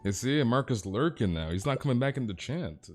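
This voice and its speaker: A man's voice: mid-range voice, lively intonation, fairly quick, soft background music. A man streaming a game live, chatting casually with playful, teasing banter and calling viewers dude.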